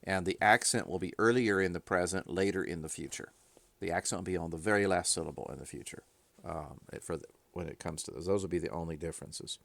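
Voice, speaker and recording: A man's voice: sits low, fast, gravelly, fairly bright tone, dry recording. A man teaching a recorded grammar lesson, talking it through informally and thinking aloud as he goes. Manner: thinking aloud, informal, with fillers and self-corrections. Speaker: Greek teacher.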